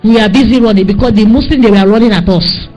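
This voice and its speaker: A Nigerian woman preaches with fervent, pleading urgency, her voice climbing into high cries as she recounts a dream. Her pitch sits in an ordinary middle range, and faint music runs quietly behind her. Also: fast talker, low-quality recording. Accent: Nigerian English. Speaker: preacher giving testimony. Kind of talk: impassioned preaching and dream testimony.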